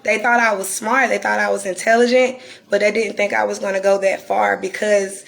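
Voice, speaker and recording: A woman from North Carolina with a Southern accent and a raspy, croaky voice, talking candidly and deliberately to viewers on a live stream. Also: mid-range voice, little pitch movement, a bit bright. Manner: reflective and candid, slowed deliberate delivery. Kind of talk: casual live-stream talk.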